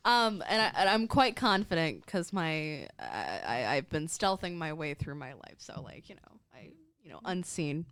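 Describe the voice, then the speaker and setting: A woman's voice: low-pitched, sing-song, moderate pace, hardly any pauses, fairly bright tone. A woman player in a tabletop game, chatty and laughing often.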